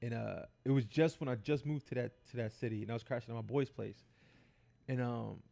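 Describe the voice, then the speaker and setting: Gravelly-voiced man telling podcast stories. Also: mid-range voice, a little fast. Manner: animated, profane, acts out dialogue in his stories. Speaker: podcast co-host. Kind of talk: casual podcast storytelling.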